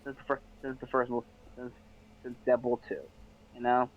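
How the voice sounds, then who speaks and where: A man's voice: medium pitch, monotone, moderate pace, lo-fi sound. A man on a panel chatting casually, eager, with many stammered restarts.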